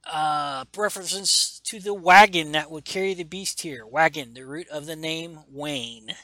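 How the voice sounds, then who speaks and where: Bright-voiced, enthusiastic man. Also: a little high, measured pace. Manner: enthusiastic, playing out the characters' lines with many fillers. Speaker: comic book podcast host. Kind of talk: casual chat, reading a comic aloud.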